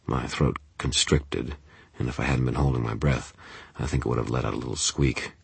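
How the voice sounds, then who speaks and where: Deep, husky male audiobook narrator. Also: normal speed, no room sound. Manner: tense, steady storytelling. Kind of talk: first-person audiobook narration.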